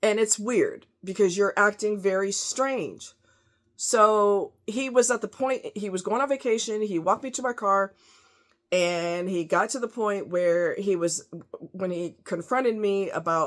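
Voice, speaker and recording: A woman telling a workplace story in a casual, exasperated, animated monologue. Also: medium pitch, unhurried. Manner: animated, exasperated, quotes others in raised voice. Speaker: storyteller recounting a workplace experience.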